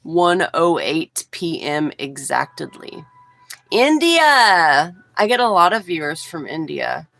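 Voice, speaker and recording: Low and creaky, this Texas woman's voice comes through a low-quality recording. In her forties and from Houston, she hosts a livestream and chats easily with viewers, addressing the chat directly.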